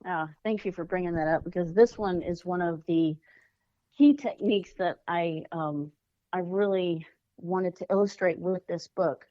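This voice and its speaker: A woman, a children's author, speaking earnestly as a podcast guest and often pausing to find her words. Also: on the low side, no echo, lo-fi sound. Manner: earnest, searching for words with fillers. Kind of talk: podcast interview.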